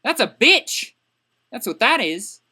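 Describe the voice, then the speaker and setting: A woman's voice: on the high side, very animated, takes it slowly, sharp tone, husky, exaggerated voice. Woman playing a ranting crude young man. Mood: indignant. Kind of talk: comedic character vlog.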